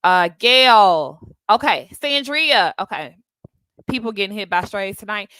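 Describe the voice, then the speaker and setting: A woman hosting a casual live stream, greeting viewers by name and chatting in an animated way, often laughing. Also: medium pitch, a little slow, clean tone, no echo.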